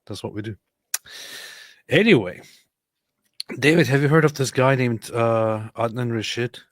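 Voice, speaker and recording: A man hosting a casual livestream, chatting loosely and reading viewer comments aloud in a relaxed, joking way. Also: mid-range voice, a little slow, no echo, studio quality. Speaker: host.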